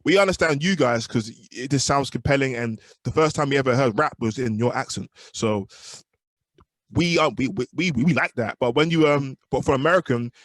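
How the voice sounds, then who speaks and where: A man's voice: medium pitch, normal speed, a bit bright, no echo, clean studio sound. A young man from the United Kingdom, a rapper chatting casually in an interview and filling his talk with "you know what I mean". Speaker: rapper guest.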